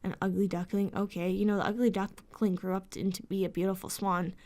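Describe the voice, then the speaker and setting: A woman's voice: medium pitch, flat delivery, a little fast, darkish tone. A sleepless woman venting in a vlog, ranting with frustration and sarcasm, swearing often and sometimes dropping into a whisper. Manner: drops into whispers at times. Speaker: vlogger. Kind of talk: late-night venting vlog.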